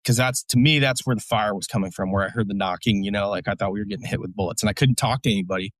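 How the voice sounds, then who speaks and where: A man's voice: lowish voice, rapid-fire, no room sound. A man, a military veteran guest, telling a story casually in a blunt, profane, rambling way with lots of fillers.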